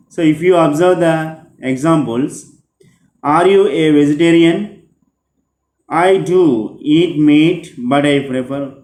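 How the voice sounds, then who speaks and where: A male teacher giving a grammar lesson, explaining slowly and repeating himself, often starting with "so". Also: a little high, darkish tone, roomy sound. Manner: slow, repetitive explaining with frequent "so".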